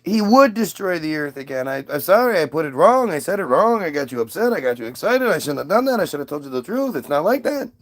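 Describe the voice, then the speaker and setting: A man's voice: a little high, sing-song, fast talker, few pauses, a bit bright. A man voicing a nervous old male patriarch who fawns and repeats himself in a comic rant. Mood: apologetic. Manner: fawning, repetitive, jittery. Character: anxious eager-to-please old patriarch, male.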